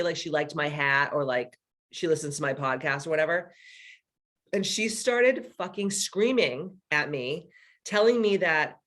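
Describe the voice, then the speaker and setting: A woman's voice: fairly low pitch, a bit bright. A woman hosting a video call workshop, swearing freely and laughing through casual stories. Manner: profane, laughing storyteller. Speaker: workshop host. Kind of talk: casual chat.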